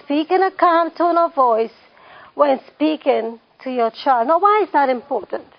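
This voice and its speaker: Leading a parenting class, a woman throws questions out to the room and says the key phrases again for emphasis. Her high voice is expressive and creaky, a little slow, on a lo-fi recording.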